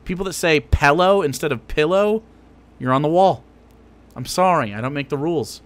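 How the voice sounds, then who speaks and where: Reacting to a video on his livestream, a man with a voice on the high side speaks at normal speed with lively intonation. His casual rant is crude and sarcastic, delivered as mock outrage.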